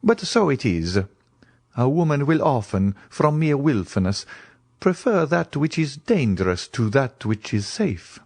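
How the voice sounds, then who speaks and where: A man voicing a courtly, ironic count in an audiobook, with polished and smoothly courteous speech. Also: medium pitch, very animated, a little slow, a little mellow, no room sound, studio quality, voice pushed up. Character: suave scheming male count, courtly and ironic.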